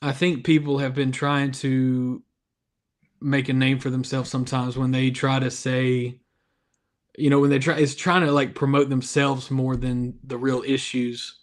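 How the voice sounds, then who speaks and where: A man's voice: mid-range voice, flat delivery, a little slow. A man hosting a casual youth devotional over a video call, chatty and self-deprecating. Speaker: youth ministry devotional host.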